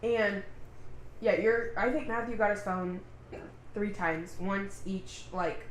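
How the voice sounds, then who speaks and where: A woman's voice: mid-range voice, slow, slight background noise. Blunt young woman, echoey room. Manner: blunt, reactive, swears casually. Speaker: podcast co-host. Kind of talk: casual TV recap chat. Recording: roomy echo.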